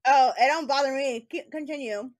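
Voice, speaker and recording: A woman's voice: high-pitched, normal speed, no echo, clean studio sound. A woman playing a tabletop game, joking and urging the game master on. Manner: playful, insistent. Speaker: player. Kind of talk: tabletop role-play banter.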